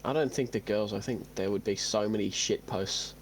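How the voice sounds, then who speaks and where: A man's voice: on the low side, normal speed, a little hiss or hum. A young man co-hosting a casual gaming chat, blunt and swearing often. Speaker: podcast co-host.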